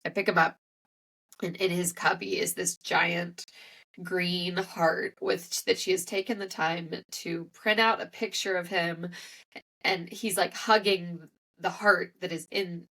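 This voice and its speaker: A woman's voice: on the low side, fairly even intonation, measured pace, vocal fry, bright, forceful tone. A woman in her thirties, a guest author in casual podcast chat, telling stories with lots of fillers. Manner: chatty, filler-heavy storytelling.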